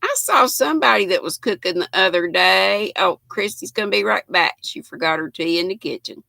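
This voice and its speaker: An older woman with a Southern US accent, a little hoarse, hosting a chatty live stream and reading out viewer comments. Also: mid-range voice, animated, brisk, sharp tone, no room sound. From United States. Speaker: host.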